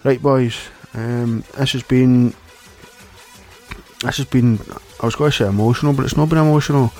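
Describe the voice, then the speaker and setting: A man's voice: medium pitch, steady tone, moderate pace, a little mellow, soft background music. Sweary Glaswegian man ranting. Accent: Glasgow Scottish. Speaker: pirate radio DJ. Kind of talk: scripted comedy radio show.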